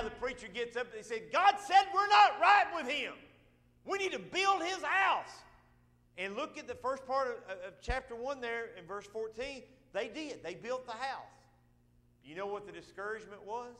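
Man, Southern US accent, pastor, sermon, high voice, long church reverb, bursts of shouting then quiet asides. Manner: swings between loud shouted emphasis and quiet asides. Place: church sanctuary.

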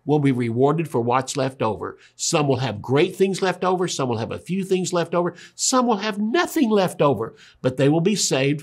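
An older man teaching a Bible study as a pastor, animated in his storytelling and acting out the dialogue he quotes. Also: mid-range voice.

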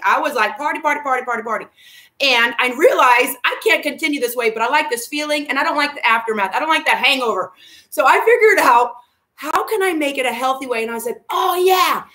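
A woman's voice: high voice, fairly bright tone. A woman fitness coach giving an upbeat, emphatic motivational talk, greeting viewers by name as she goes.

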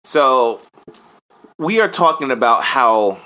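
A man co-hosting a podcast, talking politics in a casual, emphatic and animated way and swearing freely. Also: medium pitch, takes it slowly. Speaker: podcast co-host.

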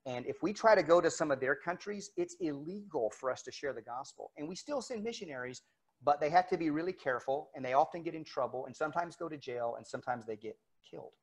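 A man's voice: a little high, expressive, quick pace. A middle-aged male pastor telling a story in a casual, conversational sermon, acting out back-and-forth dialogue as he goes. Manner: conversational, retells dialogue with quotes. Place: church sanctuary, recorded for online service.

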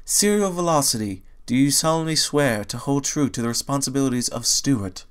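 A man's voice: medium pitch, lively intonation, clean tone, voice pushed up, close to an everyday voice. A man voicing a solemn ancient pony princess. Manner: slow formal proclamation.

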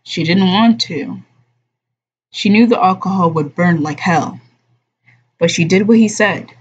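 A woman reads a novel aloud in an unhurried, measured audiobook manner, her voice low and slightly breathy. The stream audio sounds dull and lo-fi, as if picked up by a modest desk microphone at home. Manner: slow, measured reading, softly voicing the dialogue. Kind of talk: unhurried audiobook-style reading.

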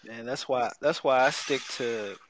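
A man co-hosting a podcast in casual chat, easygoing and agreeable, quick to praise the others. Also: mid-range voice, a little hiss or hum. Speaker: podcast co-host.

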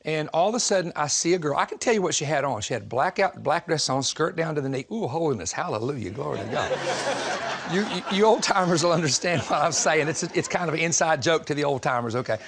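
Animated man preaching a humorous sermon. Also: fairly high pitch, fast, hardly any pauses, background noise. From Southern United States. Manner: animated, humorous storytelling with frequent laughter.

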